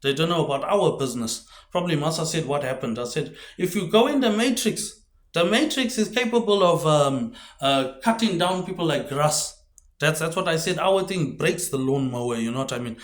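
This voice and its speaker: A man rambling through a loose monologue, ending phrases on a quiet, low "mate.". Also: roomy sound. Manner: rambling, drops pitch and volume on tag words like "mate". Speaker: video host.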